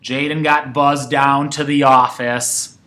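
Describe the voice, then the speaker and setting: A man's voice: medium pitch, takes it slowly. A man teaching a sixth-grade history lesson, talking to his class and acting out quoted voices. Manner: animated, acts out quoted voices.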